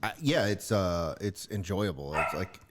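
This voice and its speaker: A man with a lowish voice chats casually as a podcast co-host. He rambles through stories, stacking fillers as he goes. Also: animated, a little slow, background noise. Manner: rambling storyteller, lots of filler words. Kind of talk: casual chat over drinks.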